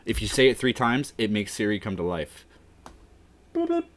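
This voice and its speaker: A man hosting a casual live stream, rambling and mumbling his thoughts out loud in a warm indoor room. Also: on the low side, brisk. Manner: rambling, mumbling, talking to himself.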